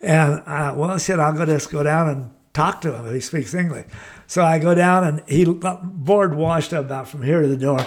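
A man's voice: on the high side, moderate pace. An older American man, a guest telling a long story in a rambling, salty, laid-back way. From United States. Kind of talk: casual storytelling.

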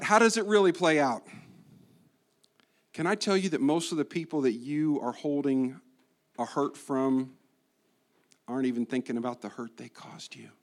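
A man preaching a sermon as a guest preacher, swinging between hushed asides and loud emphasis, with playful humor. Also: mid-range voice, moderate pace, pauses often.

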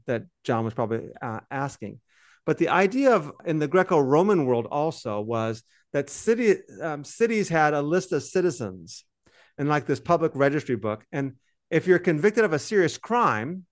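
A man's voice: mid-range voice, no echo, clean studio sound. A man co-hosting a podcast, giving a conversational Bible study and explaining the Greek text in a loose, teacherly way. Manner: explanatory, translates Greek on the fly, loose fillers.

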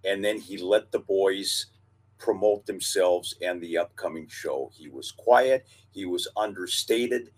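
Husky low-voiced man reminiscing. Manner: reminiscing, measured, knowledgeable. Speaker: co-host and former wrestling announcer. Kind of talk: casual podcast chat.

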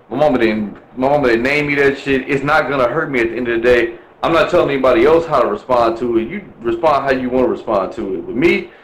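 A man talks in a loose, blunt and heavily profane way, as if ranting to a friend. His voice bounces around a lot, leaping upward when he makes a point. The recording sits in a roomy, echoey space. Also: medium pitch. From Milwaukee, USA. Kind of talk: casual chat.

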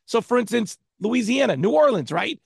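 A man's voice: very high-pitched, sing-song, moderate pace, vocal fry, darkish tone, husky, no room sound, clean studio sound. A man co-hosting a podcast, bantering and teasing his partner. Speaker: podcast co-host. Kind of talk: casual podcast chat.

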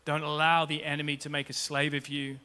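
A male pastor delivers a rousing sermon in a rhythmic, appealing style. His voice sits fairly high and sounds bright and forceful. A large church hall adds a long reverb tail. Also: completely flat delivery, a little fast.

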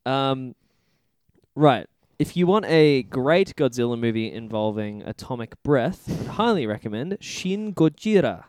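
A man's voice: medium pitch, a little slow, no echo. A young man co-hosting a podcast, swearing and laughing a lot in casual banter. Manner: sweary, laughs often, animated. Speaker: podcast co-host.

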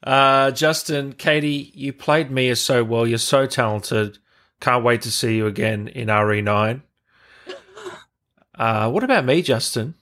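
Host reading chat questions to a guest, excited and complimentary, middle pitch. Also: a little slow. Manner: enthusiastic, complimentary. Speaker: interview host. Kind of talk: casual interview, reading viewer questions.

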